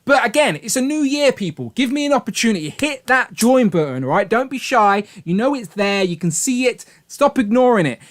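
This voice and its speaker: A man's voice: very high voice, sing-song, normal speed, hardly any pauses. A man hosting a casual livestream, upbeat and rambling, laughing often. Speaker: livestream host.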